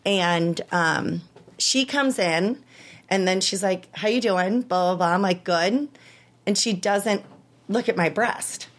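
A woman in her thirties, an interview guest telling her story in an animated way, acting out what people said and rising high when she relives the worst moments. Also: slow pace. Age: 30s. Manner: animated, acts out quoted voices, rises high when reliving distress. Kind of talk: emotional personal storytelling.

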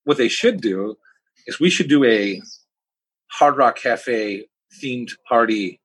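A man's voice: medium pitch, expressive, slow pace, fairly bright tone, slightly rough, low-quality recording. A man on a podcast, rambling through bar anecdotes with bursts of quoted voices. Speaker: podcast co-host. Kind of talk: casual chat.

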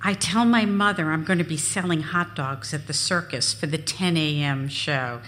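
A woman giving a live memoir reading on stage, expressive and unhurried. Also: sits low, slight background noise. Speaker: storyteller. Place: on stage at a venue.

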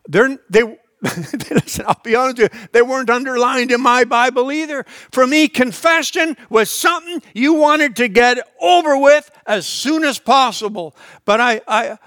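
Male pastor, high voice, dry close recording; earnest sermon delivery with stammered restarts. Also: fairly bright tone, no echo. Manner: reads scripture slowly with emphasis.

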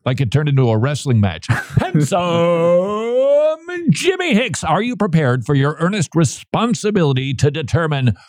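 Animated, jokey male radio host. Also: fairly high pitch, fairly quick, no room sound, clean studio sound. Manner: jokey, mock-grand announcer flourishes. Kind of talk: playful radio banter.

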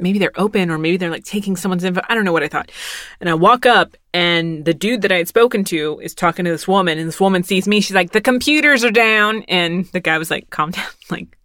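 Woman, thirties, low-ish voice, wry rambling storyteller, casual monologue, dry close sound. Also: a bit bright, dry recording. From Texas. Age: 30s. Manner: rambling, wry, swears casually, laughs through her story.

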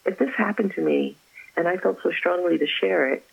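Woman author guest, very gravelly voice, husky, effusive storytelling, lo-fi phone-line sound. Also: lowish voice, normal speed. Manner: warm, effusive storytelling about her faith. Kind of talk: casual interview chat.

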